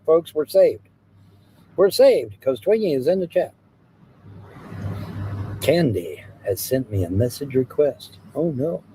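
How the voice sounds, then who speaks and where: Rambling Ohio man, lively dark voice. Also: mid-range voice, unhurried, pauses often, a little hiss or hum, poor audio. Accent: Southwest Ohio. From Hamilton, Ohio, USA. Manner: drawling, rambling, greets chat, repeats himself. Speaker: livestream host. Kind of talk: casual livestream chat. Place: outdoors beside idling trucks. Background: faint engine idling.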